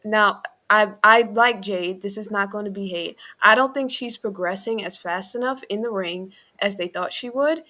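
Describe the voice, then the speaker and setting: A woman's voice: mid-range voice, pushed and bright. A woman co-hosting a casual wrestling review podcast, laying out her view with careful reasoning. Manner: measured, explains her view with qualifiers. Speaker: podcast co-host.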